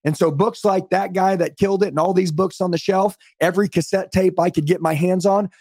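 A man's voice: sits high, fairly even intonation, brisk, a little mellow, no room sound, studio quality. A middle-aged man telling his story as a podcast guest on a call, emphatic and motivational. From United States. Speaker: podcast guest, sales trainer. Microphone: remote call.

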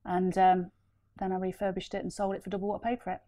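A woman telling an animated, laughing story as a deal packager on a casual property panel. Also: mid-range voice, fast talker. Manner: animated, laughing, acts out voices in her story.

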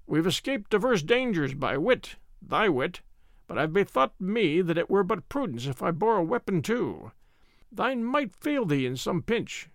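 A man's voice: sits high, big pitch swings, a little slow, dry recording, studio quality, exaggerated voice. A man voicing a proud, naive medieval king who speaks in stately archaic phrases, in an audiobook reading. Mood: earnest.

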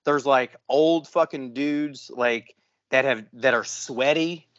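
A man's voice: mid-range voice, slow, no room sound, highs cut off. A man co-hosting a podcast, telling a story in casual chat, swearing constantly and acting out quotes. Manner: profane, animated, acts out quotes. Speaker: podcast co-host.

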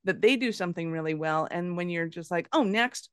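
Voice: medium pitch, fairly quick, clean tone, no room sound. A podcast host chatting casually with a guest, giggly and agreeable. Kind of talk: casual interview chat.

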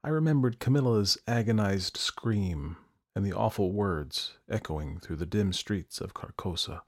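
A man narrating a first-person audiobook at a measured pace. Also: fairly low pitch, lively intonation.

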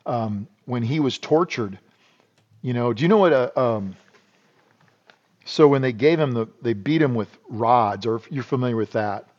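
Middle-aged american guy on a podcast, rambly folksy storyteller, average pitch, dull lo-fi sound. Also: expressive, moderate pace, darkish tone. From United States. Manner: rambling, folksy, with restarts and "you know". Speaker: podcast guest. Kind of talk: casual storytelling interview.

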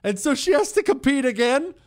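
A man's voice: very high-pitched, sing-song, brisk. A man in his forties hosting a solo talk radio show, ranting sarcastically and mocking with bursts of laughter.

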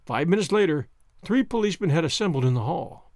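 A man narrating a classic story as an audiobook, in a measured, expressive way. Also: on the high side, no echo, clean studio sound.

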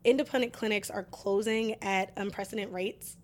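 A woman's voice: mid-range voice, steady tone, moderate pace. A woman guest in a conversational interview, informative and upbeat, explaining her job in long runs. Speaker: guest from independent abortion clinics.

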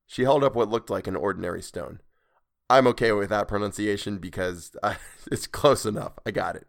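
A man's voice: medium pitch, expressive, fairly quick, vocal fry. A man narrating a story for his podcast, breaking off into chatty, self-deprecating asides about his own mistakes. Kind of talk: casual audiobook narration with asides.

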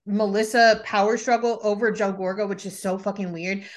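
A woman's voice: medium pitch, little pitch movement, a little fast. A woman hosting a podcast in casual chat, talking candidly with frequent profanity and restarts. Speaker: podcast host.

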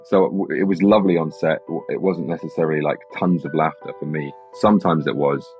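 A young British man, an actor, chatting casually in an interview, telling rambling, animated stories with lots of restarts. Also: a bass voice, quick pace, faint music behind. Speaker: actor guest. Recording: slightly dull lo-fi sound.

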